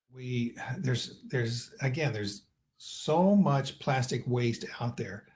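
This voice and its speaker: Halting middle-aged man pitching investors. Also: darkish tone. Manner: halting, many fillers and restarts; persuasive sales pitch. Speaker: company presenter. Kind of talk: investor presentation, answering questions.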